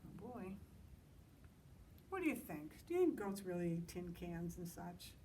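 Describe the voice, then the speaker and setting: A woman librarian reading a picture book to children outdoors, pausing for chatty asides and questions. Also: lowish voice, big pitch swings, warm tone, far from the mic, a little hiss or hum, rough recording. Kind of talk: outdoor story time reading.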